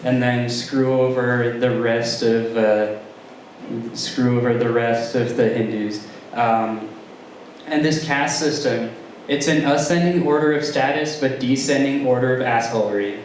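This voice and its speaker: Young guy doing stand-up, slow and halting, lots of ums, super echoey room. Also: medium pitch, fairly even intonation, recorded from a distance, slight background noise. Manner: halting delivery with many ums and restarts. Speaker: stand-up comedian. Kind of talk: stand-up comedy set. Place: comedy club room with a live audience. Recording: very roomy live room sound.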